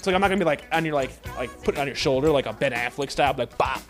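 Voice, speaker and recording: A man co-hosting a podcast, joking crudely and teasing his co-host in animated, vulgar banter. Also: medium pitch, racing, soft background music.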